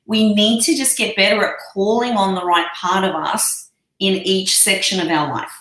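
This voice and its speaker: A woman's voice: mid-range voice, steady tone, moderate pace, fairly bright tone, echoey room, poor audio. A woman with an Australian accent, a life coach speaking as an interview guest in an enthusiastic, emphatic way. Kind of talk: interview conversation.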